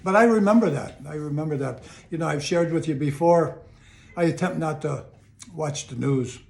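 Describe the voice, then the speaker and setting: A man's voice: a little high, fairly even intonation, normal speed, creaky, dark tone. An older man giving a casual, earnest, upbeat motivational talk to camera, often repeating his phrases. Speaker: motivational video host. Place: home in Chicago.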